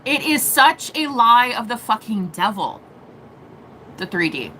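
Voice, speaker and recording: A woman speaking as a spiritual reader in a casual vlog monologue, profane and dramatic, laughing often and rushing in bursts. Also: fairly high pitch, sing-song, bright, forceful tone, slight background noise, poor audio.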